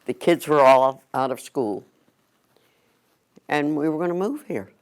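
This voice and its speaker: An older man slowly recalling memories of his family in an unhurried, reflective way. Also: on the high side, clean tone. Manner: slow, unhurried recollection. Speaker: interviewee. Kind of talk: reflective storytelling.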